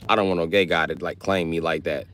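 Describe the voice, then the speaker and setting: Young man storyteller on a livestream, animated and profane, lower voice with a bright edge. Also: quick pace. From Wisconsin. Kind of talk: comic storytelling.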